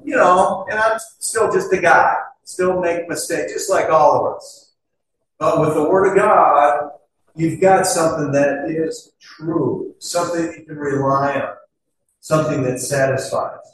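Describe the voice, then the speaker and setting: A middle-aged man preaches to a congregation in an earnest, chatty way, full of little fillers, and he slows right down to lean on scripture words. His voice sits at an ordinary pitch and his pace is unhurried. He is picked up from across a big, very echoey hall. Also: slight background noise. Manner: earnest, conversational with frequent fillers. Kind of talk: sermon. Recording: echoey hall, distant mic.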